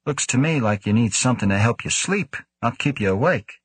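A man's voice: medium pitch, expressive, a little fast, slightly rough, no room sound, pitched above the performer's own voice. A man voicing a brash, cheeky male supply man, breezy and teasing. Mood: friendly.

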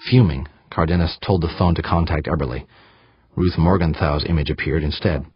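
Deep, husky male audiobook narrator. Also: steady tone, normal speed, no room sound. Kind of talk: scripted narration. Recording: dry, slightly dull audiobook recording.

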